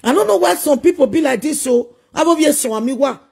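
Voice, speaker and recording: A man's voice: very high-pitched, lively intonation, moderate pace, gravelly, darkish tone. A man with a Nigerian accent delivering a preachy, scolding monologue full of repeated rhetorical questions. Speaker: social media commentator.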